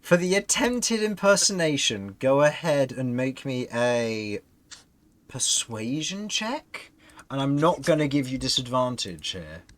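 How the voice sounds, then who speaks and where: A man's voice: medium pitch, very animated, measured pace, a bit bright, a little hiss or hum. A man narrating a tabletop game as game master, describing scenes and often laughing.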